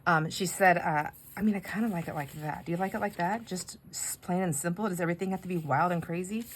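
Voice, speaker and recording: A woman's voice: lowish voice, fast talker, a little hiss or hum. A woman chatting casually while decorating pages, telling a rambling story with asides about her crafting. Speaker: craft vlogger.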